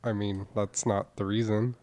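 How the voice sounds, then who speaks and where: A young man on a comedy podcast, pitching absurd ideas in a deadpan improvised bit. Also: moderate pace. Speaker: podcast co-host.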